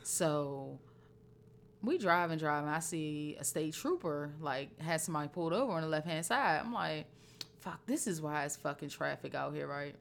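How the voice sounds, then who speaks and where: A woman co-hosting a podcast, telling a story in a casual, profane, animated way. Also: low-pitched, normal speed, gravelly, a little hiss or hum. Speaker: podcast co-host. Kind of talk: casual chat.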